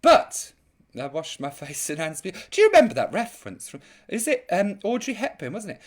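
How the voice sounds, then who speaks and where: Woman, comic live-stream host, camp and theatrical, very animated pitch, mid-range voice. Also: normal speed. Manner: camp, theatrical and gossipy, swinging up and down. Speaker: drag host of a live online chat show.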